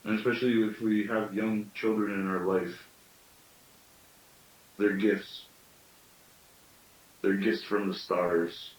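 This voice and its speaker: A man's voice: fairly low pitch, level tone, slow pace, pauses often, roomy sound, far from the mic, low-quality recording. A man in his late thirties giving a thoughtful storytelling talk, often asking himself questions aloud. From Canada. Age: late 30s. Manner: thoughtful, with self-questioning asides. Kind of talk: reflective teaching talk.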